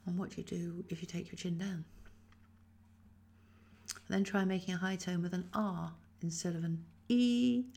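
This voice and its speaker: An English woman guiding a Feldenkrais lesson, speaking slowly and softly with many whispered phrases, her voice tired after a weekend of talking. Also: on the low side, fairly even intonation, gravelly. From England. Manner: slow, soft-spoken guiding with frequent whispered phrases. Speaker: Feldenkrais teacher. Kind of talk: guided movement lesson.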